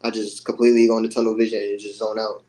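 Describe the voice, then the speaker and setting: Young boxer with a flat, low voice. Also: male voice, racing, rough recording. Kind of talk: casual interview.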